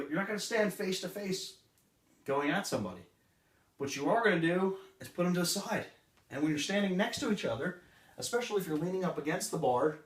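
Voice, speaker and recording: A man training a live audience on sales, with a punchy way of talking and short acted customer exchanges. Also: a little high. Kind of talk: live seminar talk. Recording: roomy, distant room recording.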